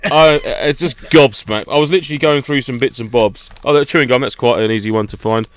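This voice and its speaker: A man's voice: medium pitch, fairly quick, a little hiss or hum. A man on a podcast, ranting in a jokey way about his gear and laughing often. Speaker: podcast co-host. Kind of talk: casual chat.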